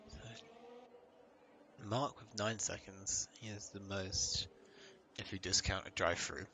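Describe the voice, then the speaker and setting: Chill guy doing race commentary, kinda low voice, easygoing, laughs a lot. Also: a little slow. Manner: relaxed, chatty, laughs often. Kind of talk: casual live race commentary.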